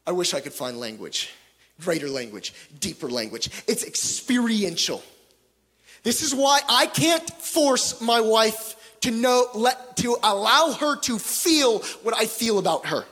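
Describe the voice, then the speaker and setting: A high, lively-voiced man preaches with deliberate, unhurried delivery. He swings from loud pleading to near-hushed moments and drops in joking asides. His voice rings with long reverb through a big hall. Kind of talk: sermon.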